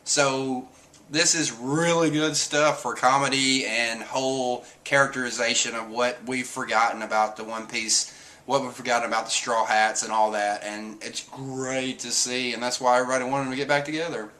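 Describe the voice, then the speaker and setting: A man streaming casual talk, animated, cursing now and then. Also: mid-range voice, normal speed. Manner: animated, swears, acts out quotes. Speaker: streamer reviewing a comic chapter. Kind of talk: casual chat.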